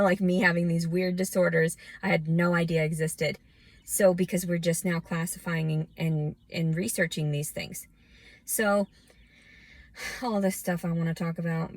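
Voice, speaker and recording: A woman in her thirties rambles through an emotional rant, jumping between thoughts and restarting her sentences. Her voice sits a little low. The sound is dry and close, with no room around it. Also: no room sound, rough recording. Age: 30s. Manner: scattered, emotional, restarts often and fights back tears. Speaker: vlogger. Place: outdoors.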